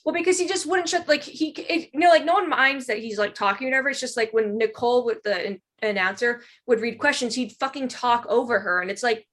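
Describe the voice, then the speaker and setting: A woman in her late twenties with a slightly high voice, telling a story in a heated way and swearing freely. She talks casually and gets worked up as she goes. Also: fast talker, hardly any pauses, fairly bright tone. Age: late 20s. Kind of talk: casual chat.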